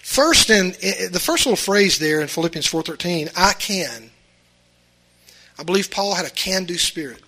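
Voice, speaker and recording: A man's voice: high-pitched, lively intonation, normal speed, bright, forceful tone. A man preaching a sermon in an earnest, folksy way, often restarting his words.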